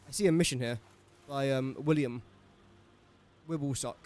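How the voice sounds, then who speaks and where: A man's voice: mid-range voice, moderate pace, a little mellow. A young English man streaming a game, chatting and joking to himself and to the characters on screen. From England. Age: young adult. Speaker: gaming streamer. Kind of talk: casual gameplay commentary.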